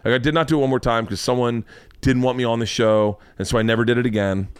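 A man hosting a podcast, telling stories in a casual, animated way, with loud excited impressions and lots of swearing. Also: mid-range voice, quick pace, smooth, no room sound. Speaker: podcast host. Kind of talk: casual storytelling chat.

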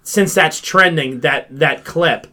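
A man's voice: on the high side, slow pace. A man co-hosting a casual wrestling podcast, telling stories and acting out what others said. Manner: animated storyteller, acts out quotes. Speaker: podcast co-host.

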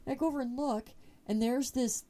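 A woman hosting a podcast, telling a story in a casual, profane, animated way. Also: sits high, fairly quick. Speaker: podcast host.

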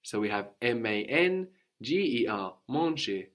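A man's voice: mid-range voice, very animated, a little slow, fairly bright tone. A man teaching a French lesson, explaining patiently and repeating each phrase for his student. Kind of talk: language lesson.

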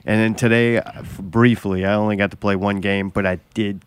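A man's voice: lowish voice, steady tone, fairly quick, smooth, dry recording. Male podcast host, casual and teasing, easy laugh, salty language. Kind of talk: casual chat.

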